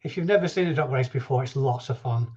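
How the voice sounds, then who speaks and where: Jokey stream host reading chat names, mellow voice, slightly muffled home recording. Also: male voice, mid-range voice, fast. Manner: chatty and jokey, reading viewer names aloud. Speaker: reseller livestream host. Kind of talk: casual live-stream chat.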